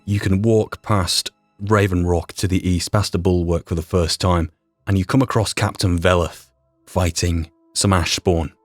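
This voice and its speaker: Yorkshire bloke rambling on his podcast, real low voice, faint music behind. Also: dry recording. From Yorkshire, England. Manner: rambling, self-deprecating, quick to laugh, swears mildly. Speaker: podcast host and mod creator. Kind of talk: casual retrospective monologue.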